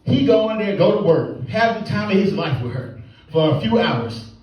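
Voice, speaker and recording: A man doing a stand-up comedy set in a small comedy club, telling stories with animated energy and acting out the people in them. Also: high voice, normal speed, lo-fi sound. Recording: echoey club from far off, crowd. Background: audience laughing.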